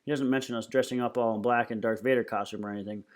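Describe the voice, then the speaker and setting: A man reading a novel aloud in plain, steady storytelling. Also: medium pitch, rapid-fire. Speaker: reader.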